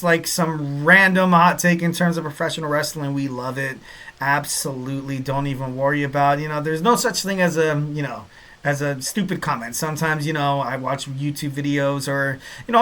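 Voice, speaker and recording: On his wrestling podcast, a man from Southern California rambles in an easygoing, upbeat way, full of filler words and catchphrases he keeps repeating. He speaks with a bright, forceful tone in a voice that's a little high.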